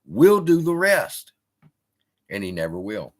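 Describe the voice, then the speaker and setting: A man's voice: on the low side, takes it slowly. A man hosting a live stream, chatting casually and swearing often as he answers viewers. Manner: profane, animated, heckling chat. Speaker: host.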